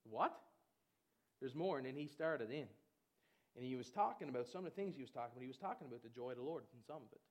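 A man preaching a sermon with exuberant energy. He often repeats words and breaks into loud laughter. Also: mid-range voice, racing.

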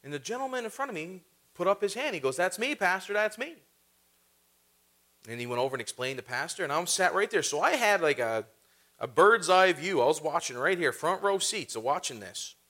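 A young man preaching a sermon, telling healing stories in a lively, animated way and acting out his own reactions. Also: a little high, fairly quick.

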